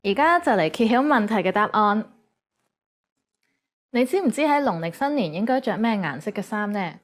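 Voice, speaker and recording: A woman narrating a scripted lesson in an even, measured way. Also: medium pitch.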